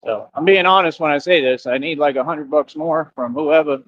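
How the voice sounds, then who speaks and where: A man's voice: a little high, normal speed, dry recording, highs cut off. A man live-streaming while walking outdoors, chatting casually in a rambling, laid-back way. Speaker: street streamer in costume. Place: outdoors on streets. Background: passing traffic.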